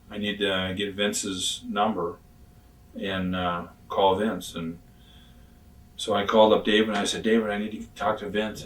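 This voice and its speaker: This older storyteller, a retired pro wrestler, speaks on the low side, bluntly and profanely, performing the dialogue he quotes. It's a casual shoot interview, and the distant mic gives the sound a roomy quality.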